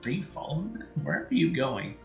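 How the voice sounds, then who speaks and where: A man's voice: a little high, big pitch swings, fairly quick, creaky, roomy sound, lo-fi sound, faint music behind. A man with a Canadian accent commentating on his strategy game in a casual, rambling way, full of fillers and half-finished thoughts. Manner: thinks aloud, many fillers and trailing-off sentences. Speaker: let's play streamer.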